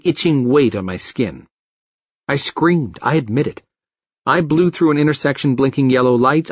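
A man narrating a story in the first person, frantic and profane, with dark comic flair, in a dry, slightly muffled recording. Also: mid-range voice, dry recording.

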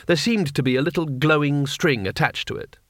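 A man narrating a comic fantasy audiobook in a measured, wry way. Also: a little high, dry recording, clean studio sound. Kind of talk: audiobook reading.

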